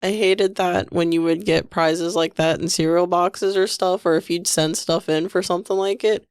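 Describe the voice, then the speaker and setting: A woman's voice: on the low side, steady tone, moderate pace, a little mellow, clear, resonant tone, no room sound, studio quality. A woman co-hosting a podcast, chatting about a film in a loose, profane, nostalgic way. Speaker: podcast co-host. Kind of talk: casual movie-review chat.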